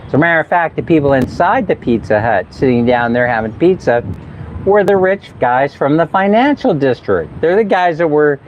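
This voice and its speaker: A man's voice: a little high, expressive, normal speed, a little hiss or hum. A man talking casually in a travel vlog, chatty and laughing often as he tells stories. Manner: chatty, laughs often, mimics people for fun. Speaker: travel vlogger. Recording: slightly dull outdoor recording.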